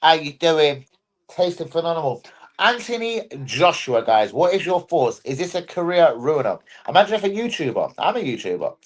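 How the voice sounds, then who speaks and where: A man's voice: on the high side, very animated, normal speed. A young man hosting a football fan live stream, chatting in a sweary, jokey, rambling way. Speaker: football fan channel host. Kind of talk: casual live-stream chat.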